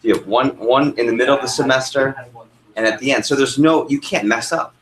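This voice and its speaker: A man's voice: medium pitch, fairly quick, a bit bright, low-quality recording. A young man, a sales trainer, teaching a workshop room and telling a story, asking the audience questions as he goes.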